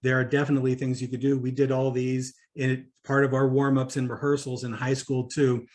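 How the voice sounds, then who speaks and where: A man speaking at a conference about public speaking, conversational and animated, with fillers and quick laughs. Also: medium pitch. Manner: animated, demonstrates voice exercises aloud.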